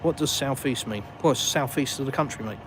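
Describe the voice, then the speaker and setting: A man's voice: medium pitch, a little fast. A man with a southern English accent, hosting a live stream outdoors and chatting casually with viewers in a self-mocking way. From England. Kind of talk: live stream chat, reading comments. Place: outdoors in a village, walking. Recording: noisy outdoor phone stream. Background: passing cars and street noise.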